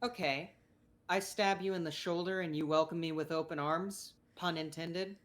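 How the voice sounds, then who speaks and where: A woman's voice: lowish voice, fairly even intonation, normal speed, close to an everyday voice. A woman voicing a jaded woman criminal who has just been bailed out, talking in a dry, exasperated way. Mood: weary sarcasm.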